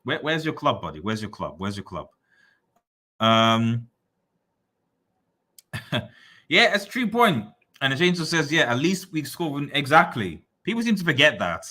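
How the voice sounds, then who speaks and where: A man live-streaming goes through viewer comments, answering in a running rant that's teasing, excitable, and full of repeated phrases. His mid-range voice keeps a measured pace with long pauses, in a casual chat.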